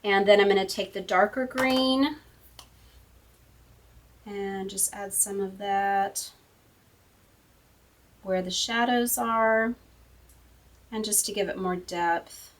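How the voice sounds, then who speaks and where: A woman's voice: mid-range voice, fairly even intonation, slow, long pauses, distant mic. A woman hosting a casual card-making tutorial at her craft table, chatty and thinking aloud as she works. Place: home craft room.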